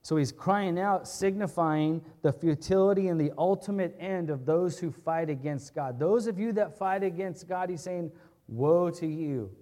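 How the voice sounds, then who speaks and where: A man's voice: sits high, normal speed, few pauses, dark tone. A man preaching an expository sermon in a conversational, earnest way, often checking in with his listeners and restating his points. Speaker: pastor.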